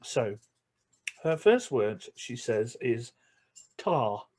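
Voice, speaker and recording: A man with a Yorkshire accent chatting casually to camera as a vlogger, chuckling between remarks and slipping into quick asides. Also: medium pitch, lively intonation. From England.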